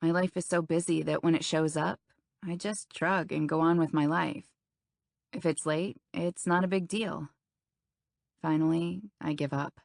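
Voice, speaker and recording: Romance audiobook narrator, young woman, low and gravelly, intimate first-person read. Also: fairly even intonation, unhurried, a little mellow, no echo, clean studio sound. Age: young adult.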